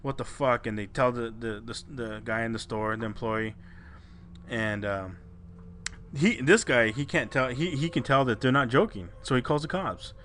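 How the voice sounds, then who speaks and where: A man's voice: medium pitch, normal speed, fairly bright tone. A male podcast co-host telling a listener's story in a loose, rambling way. He swears freely and restarts his sentences as he goes. A faint hum sits in the background. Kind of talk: casual storytelling chat.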